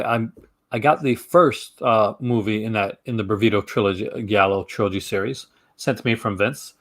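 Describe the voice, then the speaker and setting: A man's voice: on the low side, a bit bright. Rambling, chatty man on camera. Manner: chatty and rambling, laughs easily. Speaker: film review channel host. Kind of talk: casual chat to camera.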